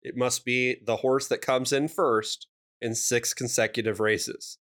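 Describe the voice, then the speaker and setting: A man's voice: medium pitch, fairly even intonation, measured pace, fairly bright tone. A man co-hosting a podcast, recapping episodes with dry humor and puns. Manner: dry, wry wordplay and explanations. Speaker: podcast co-host. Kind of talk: casual recap chat.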